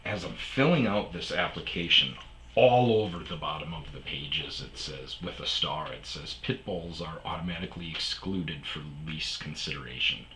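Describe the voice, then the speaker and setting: A middle-aged man with a very low, forceful voice hosts his own storytelling show and rambles through a personal tale. He restarts sentences often and leans on fillers. When he quotes other people he acts them out loudly, then sinks back to a low, quiet mutter. A faint hiss sits behind him. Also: moderate pace. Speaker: podcast host.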